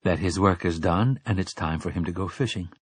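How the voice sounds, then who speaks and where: A man voicing a gentle young woman who speaks softly and plainly. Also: low-pitched, fairly quick, slightly rough, no room sound.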